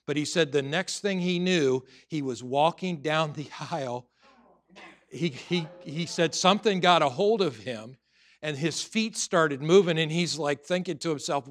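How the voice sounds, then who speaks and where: A man's voice: fairly high pitch, normal speed. A middle-aged man preaching a sermon as pastor, telling personal stories earnestly with frequent restarts and building to emphatic exhortation.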